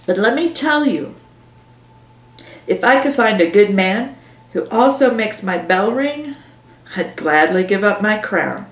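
A woman's voice: medium pitch, lively intonation, unhurried, long pauses. A woman author reading her own novel aloud in first person, with dry storytelling. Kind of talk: audiobook narration. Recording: roomy echo.

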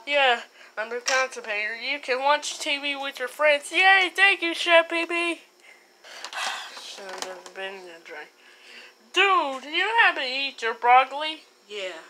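A woman voicing every character in a homemade comedy skit, mumbling some lines and shouting others. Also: high voice, expressive, a little slow, a little hiss or hum. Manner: switches between mumbling lines and sudden shouting. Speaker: amateur puppet-movie maker voicing all characters.

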